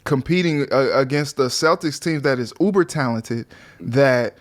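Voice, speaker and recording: A man's voice: medium pitch, measured pace. A man co-hosting a sports talk show, chatting casually and animatedly, often acting out what players might say. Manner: animated, acts out players' voices in quotes. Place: sports office studio.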